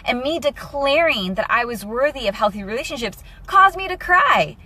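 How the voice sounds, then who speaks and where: A woman's voice: high voice, moderate pace. A young woman talking candidly and emotionally to camera in a personal vlog. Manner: candid and emotional, lively asides. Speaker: vlogger.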